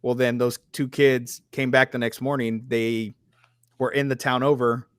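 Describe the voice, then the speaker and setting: A man's voice: mid-range voice, measured pace, clean tone, no room sound. Casual swearing man telling stories. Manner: animated storytelling, swears freely, lots of "like". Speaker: podcast host. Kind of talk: casual chat.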